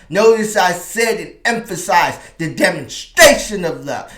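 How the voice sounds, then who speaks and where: A man's voice: high voice, lively intonation, unhurried, few pauses, fairly bright tone, echoey room. A middle-aged man hosting relationship advice, talking in an emphatic, preacherly way and stressing each word in long lists. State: tearful and choked up. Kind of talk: impassioned advice monologue.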